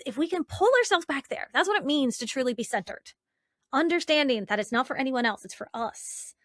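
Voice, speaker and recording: A woman relationship coach, a guest in an interview, talking in an animated, chatty way with lots of "like" and "right?". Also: sits high, brisk, no echo, clean studio sound. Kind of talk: conversational interview.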